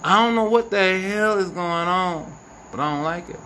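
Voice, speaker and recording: A man filming the night sky on his phone outdoors, giving excited and profane running commentary to his viewers. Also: sits high, moderate pace. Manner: animated, profane, incredulous, talks to viewers. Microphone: phone camera. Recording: noisy outdoor phone recording. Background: crickets and insects, passing vehicles.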